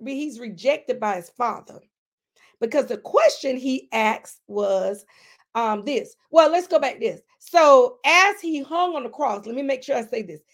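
A woman with a high voice preaches a conversational sermon. She talks straight to her listeners, stresses key lines hard and then drops into quiet asides. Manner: emphatic, addresses listeners directly; swings between loud emphasis and quiet asides.

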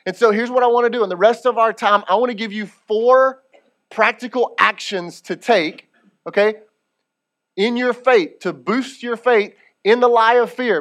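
Pastor guy preaching, kinda high voice, loose and animated delivery. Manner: preaching, animated, retells scripture in casual speech. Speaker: lead pastor. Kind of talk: sermon.

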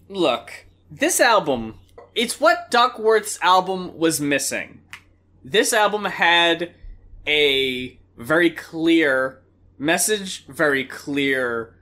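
Dude talking slow and punchy about an album, swings up and down a lot. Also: male voice, on the high side, pushed and bright. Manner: emphatic, blunt, swears. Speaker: music review podcast co-host. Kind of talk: casual chat.

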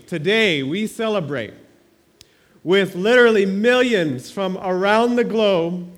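A male pastor preaching an Easter sermon and leading his congregation in lively call and response. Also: sits high.

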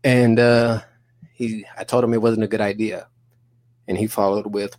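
A man in his thirties telling a story on a podcast, animated and profane, acting out both sides of an argument in quoted dialogue. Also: on the low side, moderate pace, no room sound. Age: 30s. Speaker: podcast guest.

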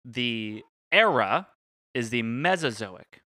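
Man, podcast co-host, casual explaining, tripping over long words, crisp edge, dead-dry room. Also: mid-range voice, animated, slow pace, bright, forceful tone, no room sound. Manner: explains step by step, stumbles over and corrects big words. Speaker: podcast co-host presenting the topic.

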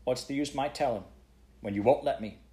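A man's voice: medium pitch, fairly quick, dark tone, roomy sound, pitched above the performer's own voice, lightly acted. A man voicing a defiant, furious seven-year-old girl who talks with scorn and shrieks when scared. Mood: sullen.

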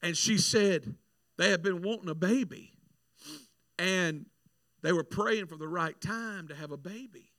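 A man, a minister, telling a testimony in a sermon with animated storytelling and repeated words. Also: high voice, measured pace, no room sound. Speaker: minister praying at altars.

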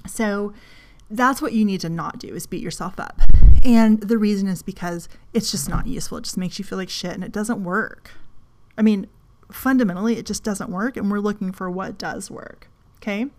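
Casting: middle-aged woman, candid self-help host, casual storytelling, mid pitch. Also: moderate pace, a little mellow. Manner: frank, storytelling, swears casually, laughs at herself. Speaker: podcast host and coach.

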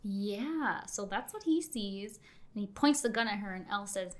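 A young woman co-hosting a podcast, recapping a TV episode in casual, animated chat and laughing often. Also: medium pitch, normal speed. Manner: animated, laughing, bursts into shouted quotes. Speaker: podcast co-host.

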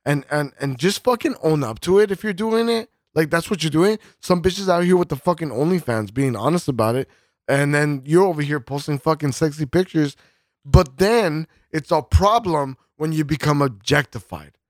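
A man in loose podcast banter, cursing nearly every sentence and stumbling through restarts. His voice sits fairly high, and the recording is dry and close. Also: expressive, normal speed, no echo. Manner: profane, rambling, full of fillers and restarts. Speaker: podcast co-host. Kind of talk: casual podcast chat.

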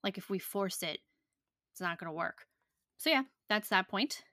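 A young adult woman chats on her podcast, blunt and profane, tossing in fillers as she goes. Her voice is bright and forceful at a middle pitch. The sound is close and dry. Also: lively intonation, moderate pace, no echo. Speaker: podcast host. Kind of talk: casual chat.

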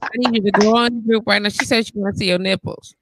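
Gravelly, bright-voiced teasing woman host. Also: mid-range voice, fairly even intonation, fast, dry recording. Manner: teasing, loud, joking, laughing. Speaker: livestream talk show host. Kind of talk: casual live-stream banter, reading viewer comments. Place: in a bed on a live stream.

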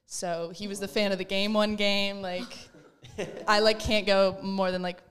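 A young woman from Minnesota who plays college basketball chats bubbly in a casual interview, laughing often. Her mid-range voice is a bit bright, with a level tone and an unhurried pace.

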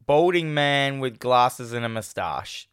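A man's voice: medium pitch, lively intonation, slow pace, fairly bright tone, smooth, no room sound, studio quality. A man co-hosting a podcast, playfully recapping a film and acting out the characters' dialogue. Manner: playful, jokey, acts out characters' lines. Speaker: podcast co-host. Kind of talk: casual film recap chat.

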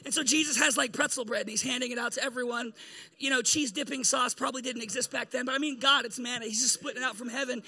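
A man with an unusually high voice and a strikingly bright, sharp tone preaches a loose, humorous sermon. He tells the story in a chatty, joking way and laughs often as he goes. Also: fairly even intonation, quick pace, husky. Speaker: pastor.

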